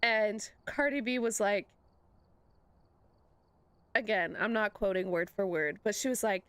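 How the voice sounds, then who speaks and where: A woman's voice: medium pitch, expressive, moderate pace, creaky, dry recording. A young woman streamer chatting casually to her viewers, rambling through a story, laughing often and greeting people in an upbeat voice. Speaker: live streamer. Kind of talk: casual live-stream chat.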